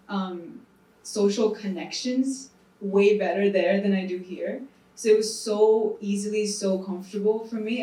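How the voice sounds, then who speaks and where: A woman actor who grew up in India, telling lively stories during a panel Q&A at a screening. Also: medium pitch. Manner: animated storytelling with laughs. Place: private screening venue. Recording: roomy hall, far from mic.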